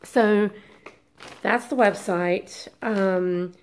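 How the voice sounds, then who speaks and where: A woman's voice: medium pitch, very slow. A woman beauty vlogger chatting casually to camera, congested from a long illness, rambling and hesitant with many restarts.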